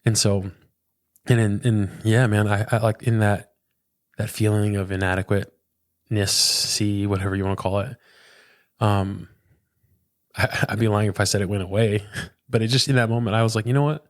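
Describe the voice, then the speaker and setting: A man's voice: lowish voice, flat delivery, moderate pace, pauses often, no echo, clean studio sound. A man in his thirties, a pastor, talking earnestly and reflectively in a casual interview, often saying "man" and "dude". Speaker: pastor, podcast guest.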